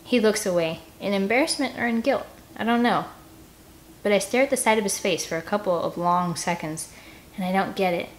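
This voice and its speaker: A gentle, expressive woman reading a story. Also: medium pitch, slight background noise. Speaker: audiobook reader. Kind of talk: first-person storybook narration.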